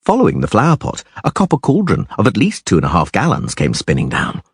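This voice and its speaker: A man reading a fantasy audiobook aloud in an expressive storytelling manner, close to the mic. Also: deep voice, fast, breathy edge, dry recording. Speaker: audiobook reader.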